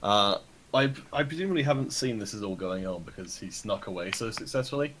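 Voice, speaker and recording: A man's voice: on the low side, lively intonation, brisk, a bit bright, slight background noise, rough recording. A man playing a tabletop game, jokey and self-mocking as he talks through his turns. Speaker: player.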